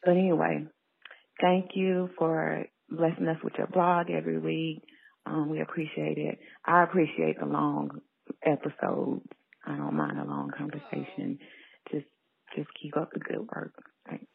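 A woman caller leaving a soft, halting message over the phone, stopping and restarting often. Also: sits low, creaky, breathy edge. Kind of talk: voicemail message. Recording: tinny phone line.

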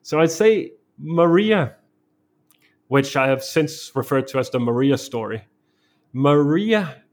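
A man's voice: a little high, lively intonation, slow pace. A man from Denmark, a guest in a conversation, telling a story vividly in the present tense.

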